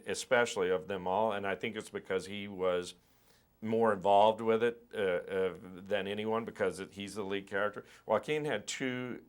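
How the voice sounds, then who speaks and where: Thoughtful and expansive, this middle-aged film director gives a relaxed interview, frequently starting over and repeating words as he explains. He is a man with a fairly low-pitched voice.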